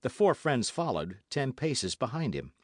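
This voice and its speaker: A man narrating a classic novel as an audiobook, reading in an expressive, dramatic manner. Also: medium pitch, a little slow, no echo, studio quality. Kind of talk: scripted narration.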